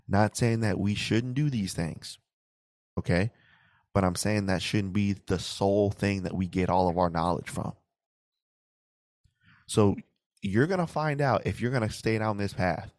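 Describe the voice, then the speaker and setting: Male preacher, low voice, deliberate and emphatic delivery, dry and close. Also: a little mellow, no echo. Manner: deliberate, emphatic, repeats phrases. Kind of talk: sermon.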